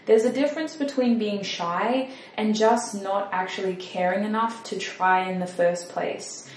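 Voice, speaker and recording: A woman's voice: mid-range voice, unhurried, far from the mic. A woman giving a casual, chatty tarot reading, thinking aloud and poking fun at herself. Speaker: tarot reader. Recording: roomy echo, mic set back, faint noise.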